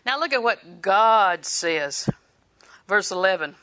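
Woman preacher, bright clear tone, chatty sermon delivery with little chuckles and voiced asides. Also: medium pitch, lively intonation, slow.

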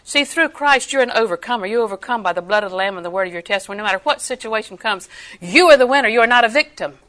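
Older woman preaching; bright, forceful, emphatic delivery, acts out quotes. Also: on the high side, lively intonation, very fast. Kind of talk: sermon.

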